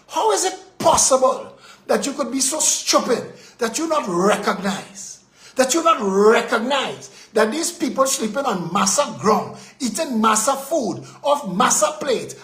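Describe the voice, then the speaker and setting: Fiery Trinidadian man ranting, echoey room. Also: extremely high pitch. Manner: indignant, fiery, full of rhetorical questions, sometimes shouting. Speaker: host of a live political talk show. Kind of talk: ranting political commentary.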